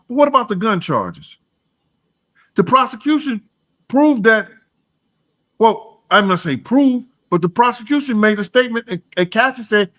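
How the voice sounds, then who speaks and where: The co-host of a relaxed reaction podcast is a man who drives his points home, repeats himself, and lets his words sink into a low mumble. He sounds animated and fairly bright, speaking at a moderate pace.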